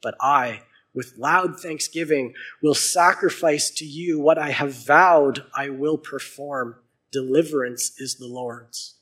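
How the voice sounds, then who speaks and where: A man reading out the prayer of Jonah in an earnest, husky reading voice. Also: a little high, slow pace, a bit bright, heavily acted. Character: Jonah, a man praying from the fish's belly.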